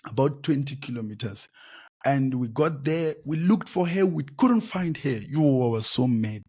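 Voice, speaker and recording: A South African man in his late twenties tells his own story on a podcast. His voice is husky and slightly breathy at a middling pitch. He speaks in an animated way, repeats phrases and breaks into loud exclamations. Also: moderate pace. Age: late 20s. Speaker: podcast host. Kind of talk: personal storytelling monologue.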